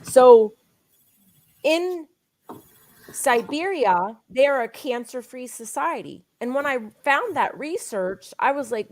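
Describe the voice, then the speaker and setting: Woman guest, higher voice, dry close sound, pushes a product with eager testimony. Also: expressive, darkish tone, no room sound. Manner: eager, insistent, fast storytelling. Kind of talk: sales pitch with personal testimony.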